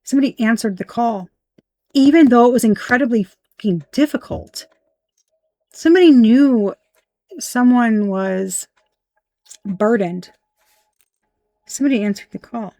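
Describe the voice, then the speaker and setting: A woman's voice: a little high, unhurried, long pauses, warm tone, no room sound. Blunt, profane woman reading tarot. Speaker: tarot reader.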